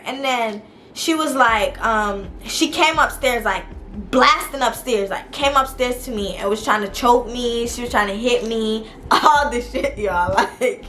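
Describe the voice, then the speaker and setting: A young woman vlogger telling a personal story in a casual, animated way, talking straight to her viewers. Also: fairly high pitch, measured pace, a little hiss or hum.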